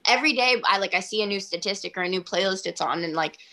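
A woman's voice: mid-range voice, fast talker. A woman in her twenties, a singer-songwriter, telling stories in a casual interview with lots of fillers. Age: 20s. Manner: chatty, heavy use of "like", animated.

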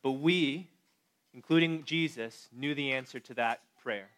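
A man's voice: medium pitch, measured pace, smooth. A man preaching a conversational sermon, talking straight to his listeners and asking them questions. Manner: conversational, animated, addresses the audience directly. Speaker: pastor.

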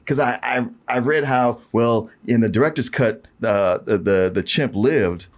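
A man's voice: mid-range voice, a little slow. A man in casual chat, retelling scenes and briefly acting out the characters. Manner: retells scenes, acting out lines in put-on voices. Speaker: podcast co-host reviewing a film.

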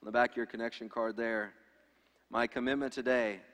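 A man's voice: medium pitch, steady tone, brisk, fairly bright tone. A pastor in his thirties preaching an earnest, emphatic sermon with lots of repetition. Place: church sanctuary. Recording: reverberant hall.

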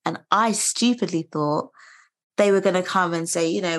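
A woman in her thirties telling her story in a casual conversation, animated and indignant. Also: fairly low pitch, normal speed. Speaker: guest sharing her story.

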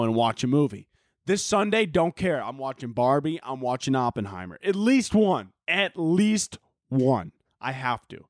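A man's voice: medium pitch, no echo. Profane rambling young man, dry close mic. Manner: rambling, profane, jokey, laughs often. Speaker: podcast host. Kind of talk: casual solo podcast chat.

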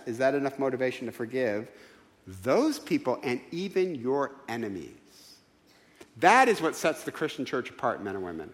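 A man's voice: a little high, long reverb tail. A man preaching a sermon in a church, emphatic and full of rhetorical questions. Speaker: pastor. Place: church sanctuary.

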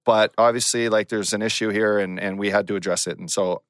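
A man's voice: lowish voice, steady tone, fairly quick, dry recording, studio quality. A man, a podcast co-host and former hockey player, telling a laid-back locker-room story with plenty of swearing and laughs. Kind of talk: casual storytelling chat.

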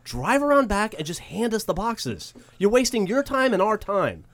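A man voicing an exasperated male postal worker who yells and scolds in a scornful tone. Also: sits high, big pitch swings, moderate pace, voice pushed up, full character voice. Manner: yelling, scornful.

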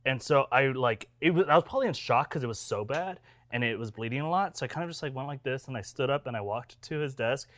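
A man's voice: mid-range voice, fast talker, hardly any pauses, no room sound. Rambling man telling a story. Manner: rambling, animated storyteller with many restarts. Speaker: podcast co-host. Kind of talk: casual storytelling chat.

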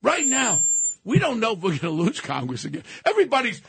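A man in his seventies ranting angrily on a political talk radio show, often shouting. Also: very high-pitched, huge pitch swings, fast, gravelly, husky. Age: 70s. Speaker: radio co-host.

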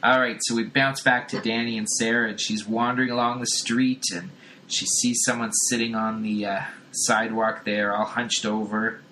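Bright-voiced man recapping a comic. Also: lowish voice, level tone, normal speed, a little hiss or hum. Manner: laughs often, recaps with voices. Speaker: podcast host. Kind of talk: casual comic book chat.

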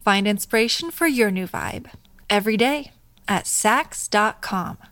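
A woman's voice: mid-range voice, expressive, unhurried. Upbeat woman reading an ad. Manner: smooth, upbeat promotional delivery. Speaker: ad reader. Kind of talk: scripted ad read.

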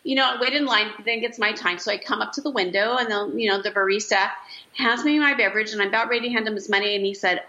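An older woman, a grandmother, telling a story on a podcast in a casual chatty way and acting out her own lines with a lively lift in her voice. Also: fast talker, muffled recording. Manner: animated, acts out her own lines in a higher voice. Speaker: podcast co-host.

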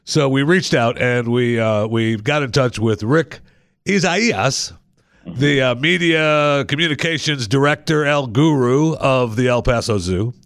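A male talk-radio host rambles through the day's odd stories in a loose, joking way, circling back to the same lines. His voice has a gravelly, fried edge, and the sound is dry and close with no room around it. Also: medium pitch, measured pace, a bit bright, no echo. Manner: chatty, joking, repeats himself. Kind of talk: casual talk radio monologue.

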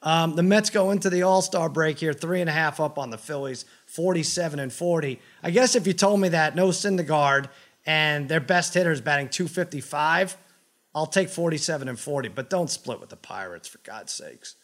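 Animated, higher-voiced ranting male host. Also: normal speed. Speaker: sports talk show host. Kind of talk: casual sports talk banter.

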